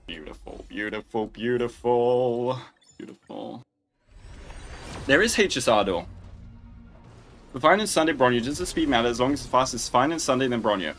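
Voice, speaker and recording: Young male stream host, chatty and joking, average pitch, light music in the background. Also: lively intonation, fast, a bit bright. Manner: chatty, joking, answering viewer questions. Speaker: livestream host. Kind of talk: casual livestream chat.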